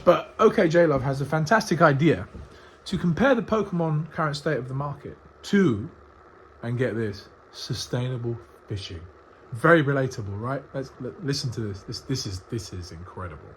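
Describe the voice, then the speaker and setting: A man's voice: mid-range voice, expressive, moderate pace, a little hiss or hum. A man hosting a reaction video, making sarcastic, laughing asides while a livestream clip plays. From Europe. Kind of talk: commentary over a played clip.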